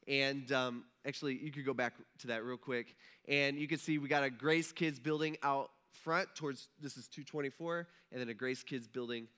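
A man's voice: medium pitch, fairly even intonation, moderate pace, few pauses, bright, forceful tone, clear, resonant tone. A man preaching a casual, conversational sermon in a church auditorium, retelling a story with everyday dialogue. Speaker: pastor.

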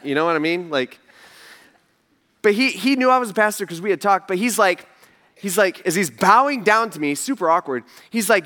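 At normal speed and in a voice that sits high, the pastor preaches to the congregation gathered before his stage. Animated stories carry the sermon, broken up by jokes and casual asides to those in the pews.

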